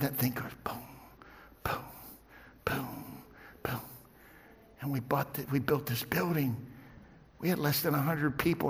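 A man preaching a sermon as pastor, telling a story in hushed tones and then rising to fervent, shouted encouragement. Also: a little high, in a large hall. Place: church sanctuary.

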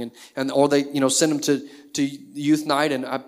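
A man's voice: mid-range voice, level tone, normal speed, hardly any pauses. A man in his thirties, a pastor preaching a sermon in a conversational way, full of rhetorical questions.

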